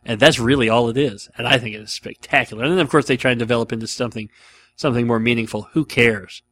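A man's voice: medium pitch, steady tone, fast talker, a bit bright. A man hosting a casual radio-style show, talking in a rambling, self-deprecating way with frequent restarts. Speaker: host.

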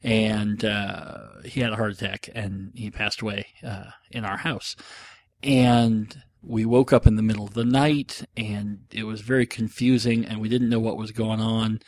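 A man's voice: lowish voice, level tone, a little slow, darkish tone, no room sound. Rambling, jokey man with fillers. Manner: rambling, self-deprecating, jokey, with many fillers. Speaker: podcast host answering listener questions. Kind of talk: casual solo talk.

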